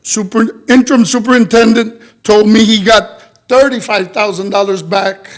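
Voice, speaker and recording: A man's voice: sits high, fairly even intonation, moderate pace. A man speaking in public comment at a school board meeting, listing complaints in short clipped statements.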